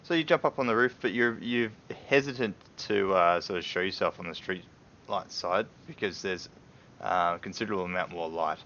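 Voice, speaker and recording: A man with a very low, sharp-toned voice narrates a tabletop game as game master, speaking fairly quickly but hesitating, rambling and circling back with fillers. The stream audio is dull and lo-fi, with slight background noise.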